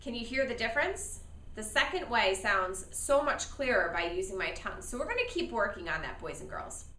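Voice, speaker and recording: A woman's voice: a little high, sing-song, brisk, bright, forceful tone, far from the mic. Upbeat woman teaching beginner saxophone. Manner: patient, encouraging, counts and models for students to echo. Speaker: music teacher.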